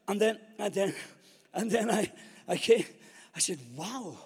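Give me an older male preacher in his seventies telling lively comic anecdotes. The voice is high and husky, and it echoes with a long reverb through a large church hall. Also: unhurried. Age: 70s. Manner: jokey, self-mocking, lively anecdotes. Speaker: guest preacher. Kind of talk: sermon with comic storytelling.

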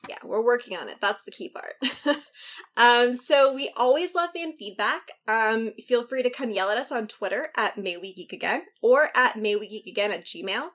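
A woman with a slightly high voice hosts a casual podcast chat. She speaks in a relaxed, hesitant way, filling her pauses with ums. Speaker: podcast host.

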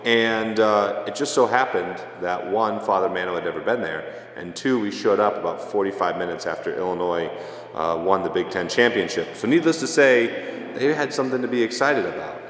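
A young male priest giving a homily, telling a self-deprecating story in a relaxed, casual way. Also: lowish voice, normal speed. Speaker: parish priest. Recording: echoey church with long reverb.

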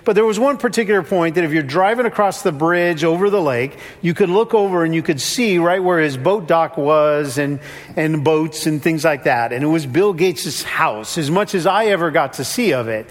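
A man with a high, light voice preaching a sermon in an easy, conversational way. He slips into the voices of the people he quotes to make a point. His words ring with a long reverb, as if he stood in a large hall. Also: moderate pace. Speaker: pastor.

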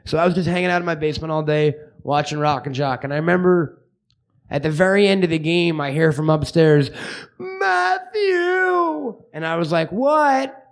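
A man's voice: fairly high pitch, fast. A man in his thirties co-hosting a podcast, chatting casually and telling stories with lots of swearing. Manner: profane, animated storyteller. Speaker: podcast co-host. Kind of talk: casual chat.

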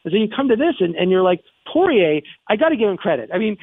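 A man giving casual sports commentary on a radio show, rambling and excited, with many restarts. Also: high-pitched, fast, husky, no room sound. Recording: tinny phone-line sound, dry.

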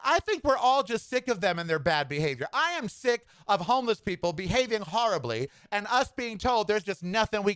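A man's voice: high-pitched, a bit bright, no room sound. A man hosting his own show, telling a story in a blunt, exasperated solo rant on a dry close mic. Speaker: podcast host. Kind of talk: ranting solo monologue.

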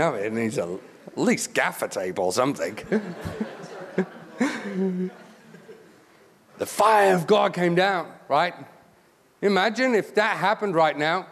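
A man giving a lively, joking sermon in a church, talking conversationally with lots of restarts and asides. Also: a little high. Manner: conversational, joking, many restarts and "you know". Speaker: guest preacher. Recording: long church hall reverb.

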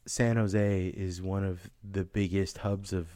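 A man's voice: sits low, takes it slowly, dry recording, studio quality. A man from California, chatting loosely as a podcast co-host, swearing freely and telling stories with animation. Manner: profane, animated storytelling. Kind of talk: casual chat.

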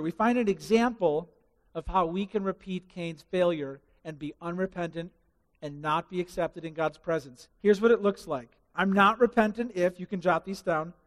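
A male pastor preaching a sermon in an animated way, acting out quotes and everyday scenarios. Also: on the high side, big-room sound.

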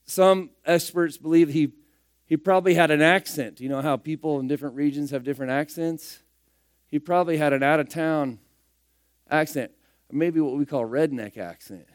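A man preaching a sermon, firing rhetorical questions and swinging between loud emphatic bursts and hushed asides. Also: fairly high pitch, moderate pace, clear, resonant tone, no echo, studio quality.

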